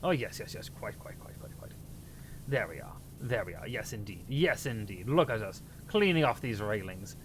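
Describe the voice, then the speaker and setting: A man voicing a pompous mock-posh British gentleman in an exaggerated put-on British accent, with a theatrical, drawn-out delivery. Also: lowish voice, sing-song, slight background noise, pitched below the performer's own voice. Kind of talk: comic impression on a livestream.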